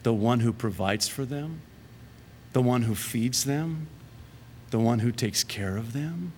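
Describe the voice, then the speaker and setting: Animated preacher in a reverberant hall. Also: male voice, mid-range voice, a little slow, slight background noise. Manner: animated and conversational, laughs at his own jokes. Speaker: pastor. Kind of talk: sermon. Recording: long reverb of a large hall.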